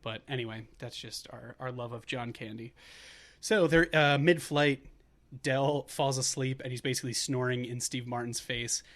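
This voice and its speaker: A man's voice: medium pitch, fairly even intonation, normal speed, fairly bright tone. A man co-hosting a movie podcast, recapping a film in a casual, rambling way, correcting himself and laughing often. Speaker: podcast co-host.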